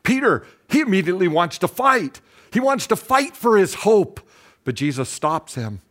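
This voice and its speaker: A male pastor preaching a sermon, retelling a Bible story in an earnest, dramatic way, with pauses and repeated words. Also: sits high, sing-song, fairly bright tone.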